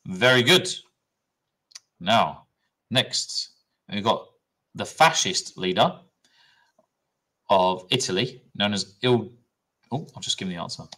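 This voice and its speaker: A man with a lowish, bright, forceful voice leads a classroom quiz as the teacher. He keeps things upbeat and encouraging, quick to cheer every right answer. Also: lively intonation. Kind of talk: running a classroom history quiz.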